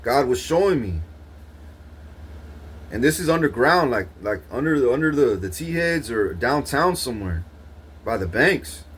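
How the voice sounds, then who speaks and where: A man's voice: medium pitch, sing-song, measured pace, pauses often, a bit bright, slight background noise. A young man, talking casually and rambling through a story with profane street slang and many restarts. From Corpus Christi, Texas. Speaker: vlogger. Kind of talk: casual monologue recounting a dream.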